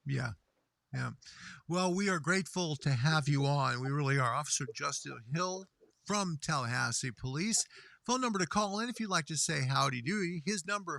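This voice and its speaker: Folksy middle-aged guy hosting a stream, bright voice, lots of ups and downs, dry sound. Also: fairly high pitch, expressive, normal speed, vocal fry, no echo. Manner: folksy and effusive, Southern-style pleasantries. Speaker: host. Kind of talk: casual livestream chat, reading viewer comments.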